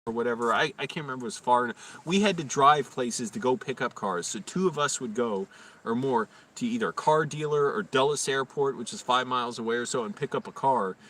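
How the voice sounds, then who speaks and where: A man's voice: medium pitch, a little fast, fairly bright tone. A man telling stories on a casual live stream in a profane, ranting, indignant way. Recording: distant mic with faint background noise.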